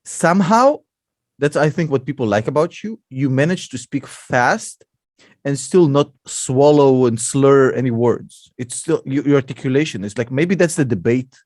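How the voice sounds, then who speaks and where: A man's voice: medium pitch, animated, moderate pace, darkish tone, dry recording, studio quality. A man, an investor and podcast co-host, chatting casually and joking a lot. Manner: laughs a lot, calls people bro.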